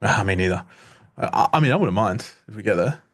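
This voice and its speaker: Young male stream co-host, lowish voice, rambling jokey banter. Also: expressive, fairly quick. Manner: joking, rambling, self-interrupting. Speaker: livestream trading co-host. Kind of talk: casual live-stream chat.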